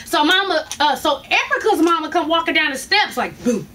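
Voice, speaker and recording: A woman's voice: very high voice, expressive, brisk, bright, forceful tone. A woman hosting a casual gossip recap of a reality show, telling the story animatedly and acting out the quotes. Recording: distant mic with faint noise.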